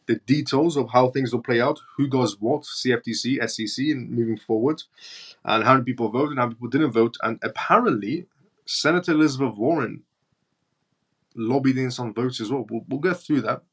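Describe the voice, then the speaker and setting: A man's voice: mid-range voice, fairly quick, husky. A man with a British accent hosting a live stream, reading news and viewer comments aloud in a blunt, mocking way. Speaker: crypto livestream host.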